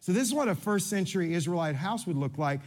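A pastor, a man whose voice sits notably high, preaches with lively, playful energy. He jokes, repeats himself to make a point, and speaks straight to the congregation. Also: fast. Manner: animated, playful, coaching volunteers on stage. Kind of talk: sermon.

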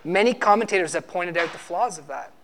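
A man's voice: sits high, expressive, brisk, a bit bright. A man preaching a sermon, arguing emphatically and teaching with rhetorical questions.

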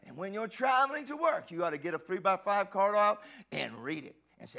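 Excitable, high-voiced preaching man. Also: fairly quick, vocal fry, hardly any pauses. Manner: excitable, swings from hushed to shouting; repeats words and restarts often. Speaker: pastor. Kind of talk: sermon.

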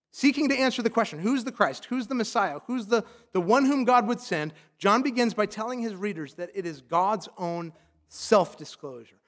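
A man's voice: sits high, a bit bright. A man preaching a sermon as a pastor, emphatic and loose, often saying "like".

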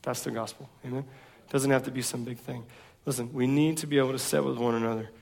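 A man's voice: mid-range voice, fairly even intonation, fast talker, gravelly, darkish tone. A man in his thirties preaching a sermon, telling self-deprecating stories in a casual, slangy way. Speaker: pastor.

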